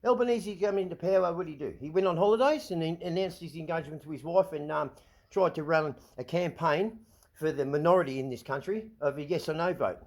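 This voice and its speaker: Venting into the camera in a ranting monologue, a middle-aged Australian vlog host swears freely and sounds agitated. He talks fairly quickly in a voice a bit higher-pitched than most men's, stumbling, repeating and restarting as he goes.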